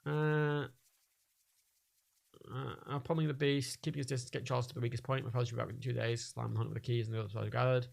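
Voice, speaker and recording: A man's voice: medium pitch, level tone, quick pace, gravelly. A man chatting casually and jokily while he plays through a video game on a livestream. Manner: chatty, sweary, jokey. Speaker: gaming livestreamer.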